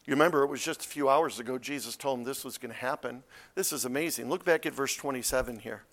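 A man preaching an expository sermon, swinging from loud, emphatic peaks to quiet, low asides. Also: fast. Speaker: pastor.

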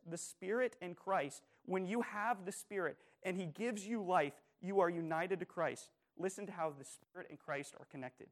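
A man preaching a sermon as pastor, earnest and emphatic, asking his listeners repeated questions and dropping to quiet, soft phrases. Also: sits high, a little slow, few pauses.

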